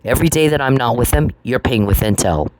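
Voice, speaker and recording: A man's voice: medium pitch, lively intonation, fast talker. A man delivering an angry solo monologue, confrontational and profane, repeating phrases for emphasis. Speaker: channel host. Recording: noisy recording with clicks.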